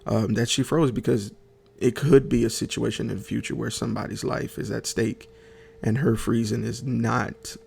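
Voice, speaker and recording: Gravelly husky man telling a story. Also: mid-range voice, steady tone, moderate pace, darkish tone. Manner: chatty, addresses listeners directly; rambling with many fillers and restarts. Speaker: podcast host. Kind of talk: casual comic storytelling.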